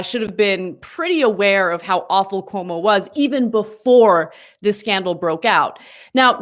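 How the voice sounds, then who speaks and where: A woman hosting a political podcast, speaking in an animated, opinionated way. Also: mid-range voice. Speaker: podcast host. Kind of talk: political commentary.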